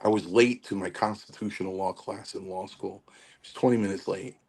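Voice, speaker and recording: An older former wrestler shares stories as a podcast guest. His voice sits low, and his sentences stop and restart often, with many fillers in between. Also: steady tone, fairly quick, creaky, darkish tone, breathy edge. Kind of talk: podcast interview storytelling.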